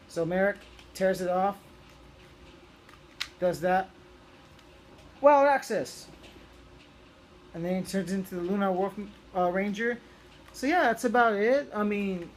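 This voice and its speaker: A man's voice: sits high, slight background noise. A young man chatting casually through a toy review, rambling with lots of ums and restarts.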